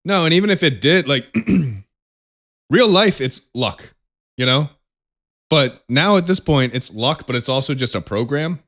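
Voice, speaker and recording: A young man co-hosting a podcast, talking at a middle pitch in a loose, casual chat. He rants freely, swearing often and breaking into laughs. His delivery stays relaxed and conversational. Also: normal speed. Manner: profane, ranting, laughs often. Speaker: podcast co-host.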